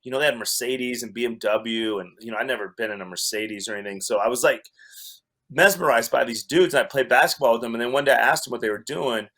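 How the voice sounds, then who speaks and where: A man's voice: mid-range voice, fast talker, pushed and bright. A man from Wyoming, a comedian guest, casually telling a story with restarts and laughter. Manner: rambling, self-interrupting, laughs through the story.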